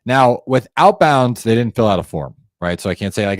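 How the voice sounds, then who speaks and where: A low-voiced man coaches sales calls, speaking expressively and fairly quickly in a dry, clean studio recording. The sales trainer's instructional screen-share walkthrough is conversational and addressed directly to viewers, and he demonstrates phone tones by acting out calls.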